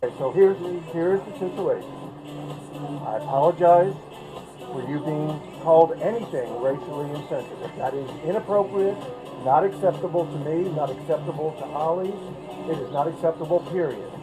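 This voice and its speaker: A man's voice: fairly high pitch, normal speed, poor audio. Man, bar owner, firm and apologetic, body cam audio, music behind. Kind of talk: conciliatory explanation.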